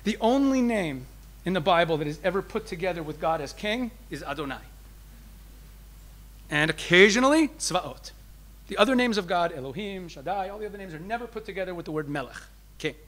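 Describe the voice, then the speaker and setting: In a high, animated voice, a man acting as a rabbi delivers an explanatory lesson to listeners. He shifts from emphatic to soft and lingers slowly on key phrases.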